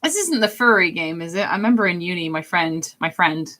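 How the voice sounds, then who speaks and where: Young woman, live streamer, slightly low voice, chatty, giggly, self-deprecating. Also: very animated, a little fast, bright, forceful tone. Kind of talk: casual live-stream chat, answering viewer questions.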